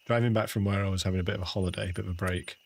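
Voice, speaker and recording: English male game streamer, low and a bit gravelly, loose chatty commentary. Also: steady tone, very fast, slight background noise. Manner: chatty, laughs often, calls viewers "mate". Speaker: gaming livestreamer. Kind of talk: casual livestream commentary.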